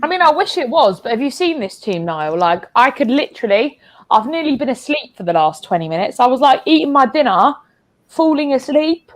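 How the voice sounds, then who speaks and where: A woman's voice: high voice, very animated, brisk. A woman guesting on a football stream, ranting in sweary, sarcastic casual chat.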